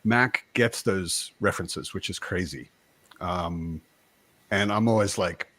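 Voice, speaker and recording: Man, American-born host, casual live chat, lively swinging pitch, animated. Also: unhurried, breathy edge. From United States. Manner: animated, chatty, frequent restarts.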